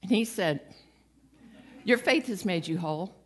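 A woman's voice: on the low side, measured pace, husky. A woman giving a conversational sermon, retelling stories with acted-out quotes and a light, self-mocking humor. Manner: lively storytelling, acts out quoted voices, laughs at herself. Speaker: preacher.

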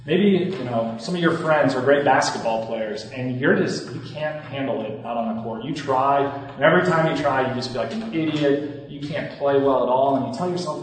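A man's voice: medium pitch, moderate pace, hardly any pauses, recorded from a distance. Man preaching in an echoey hall. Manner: conversational, earnest, with frequent restarts and asides. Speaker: campus minister. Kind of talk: conference talk to students. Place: large hall.

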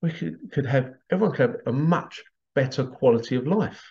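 A man talks in a loose, rambling monologue and chuckles as he goes. His voice sits in an ordinary middle pitch. The recording sounds a little dull and lo-fi. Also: lively intonation, brisk, creaky, dark tone. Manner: rambling, chuckling, acts out bits in funny voices. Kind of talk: casual monologue. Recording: slightly dull lo-fi audio.

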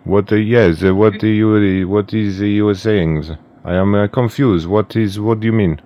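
A man's voice: fairly low pitch, fairly even intonation, normal speed, dull audio, close to an everyday voice. A man playing a foul-mouthed call-center boss. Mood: confused, formal. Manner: swearing, shouting insults, broken English. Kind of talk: prank call role-play.

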